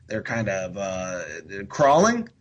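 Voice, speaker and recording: A man's voice: lowish voice, wildly swooping pitch, slow pace, dull audio. A man talking as a podcast guest in a rambling, chatty way full of fillers and restarts. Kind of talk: casual podcast chat.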